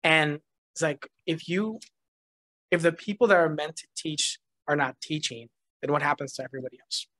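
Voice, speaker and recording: A man's voice: fairly high pitch, normal speed. A man giving a personal testimony at church, telling his story with animation and frequent laughter. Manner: animated storytelling, laughs often, acts out voices in quotes.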